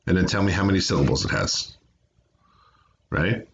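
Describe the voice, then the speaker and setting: Deep-voiced guy teaching kids phonics from home, slow patient sounding out, kinda muffled. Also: a little hiss or hum. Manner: patient, sounds words out slowly. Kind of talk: remote phonics lesson for children. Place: home, away from classroom.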